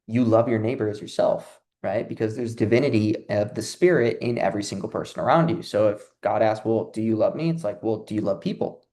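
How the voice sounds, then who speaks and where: Young guy doing a chill self-help talk, talks like he's chatting with a friend, mid-pitched voice. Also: vocal fry, a little mellow. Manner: conversational, drops into quoted inner voices. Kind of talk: casual motivational talk.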